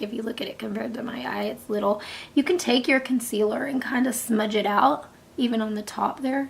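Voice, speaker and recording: A middle-aged woman chatting casually through a makeup tutorial, rambling and dropping into soft half-whispered asides. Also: a little high, vocal fry, a little hiss or hum. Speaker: beauty vlogger.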